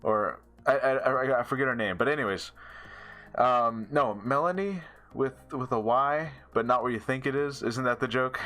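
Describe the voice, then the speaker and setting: A man's voice: medium pitch, bright, forceful tone. A man casually reviewing a TV episode, rambling with many fillers and little laughs. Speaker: show reviewer.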